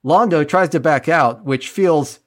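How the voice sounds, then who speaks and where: A man's voice: on the high side, a little slow. A man co-hosting a podcast, recapping an episode in a casual, wry and sarcastic way, swearing now and then. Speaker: podcast co-host.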